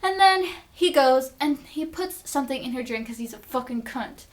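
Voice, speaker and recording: Girl vlogger w a high voice ranting about a tv episode, swears a ton, says like constantly. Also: expressive, normal speed. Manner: gushing and profane, lots of "like" fillers. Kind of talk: casual chatty episode recap.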